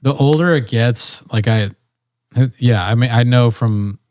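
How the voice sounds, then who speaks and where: A man's voice: medium pitch, measured pace, darkish tone, no echo, studio quality. A man co-hosting a casual reaction chat, laid-back and jokey, often laughing. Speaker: co-host.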